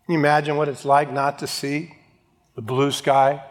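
A man's voice: a little high, little pitch movement, normal speed. Dramatic preaching man in a reverberant hall. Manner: dramatic, acts out Bible voices. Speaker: pastor. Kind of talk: sermon.

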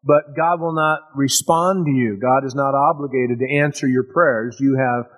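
A man's voice: mid-range voice, steady tone, normal speed, a bit bright, poor audio. A man preaching a sermon in an enthusiastic, conversational way, often restarting his phrases.

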